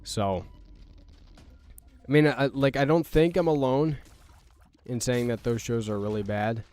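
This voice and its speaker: A man's voice: mid-range voice, a little slow, a little mellow. Exasperated rambling young man gamer. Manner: exasperated, rambling, stammering restarts, frequent swearing. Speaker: gaming channel host. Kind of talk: let's play commentary rant.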